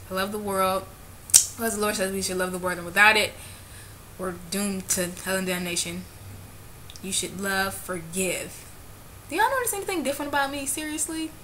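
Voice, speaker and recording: A woman talking straight to camera in a casual vlog, gushing and excitable, drifting into preachy church talk. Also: medium pitch, a little hiss or hum. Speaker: vlogger.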